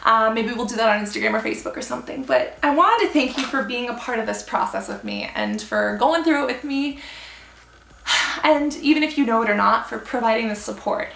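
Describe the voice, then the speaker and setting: A young woman speaks straight to her viewers, earnest and encouraging, in a reflective heart-to-heart. Her voice sits a little high with a gravelly fry at the ends of phrases. The room around her is noticeably echoey. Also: very animated, a little fast, a bit bright, slight background noise. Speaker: beauty vlogger. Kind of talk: heartfelt talk to camera.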